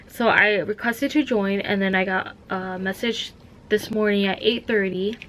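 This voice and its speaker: Chatting casually to her vlog camera, a young woman from Minnesota rambles and fills her speech with "like." Her voice sits in the mid range, steady and fairly bright, a little slow, over a faint hiss or hum.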